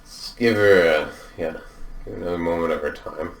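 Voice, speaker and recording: Very deep-voiced man in a roomy space. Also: a little fast, gravelly, far from the mic. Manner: dry, musing, swears casually. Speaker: podcast co-host. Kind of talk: casual chat.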